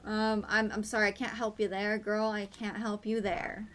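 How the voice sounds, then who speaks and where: A woman's voice: medium pitch, monotone, normal speed, fairly bright tone, a little hiss or hum. A young woman streaming a game, chatting casually in a playful, giggly way. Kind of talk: casual gaming stream chat.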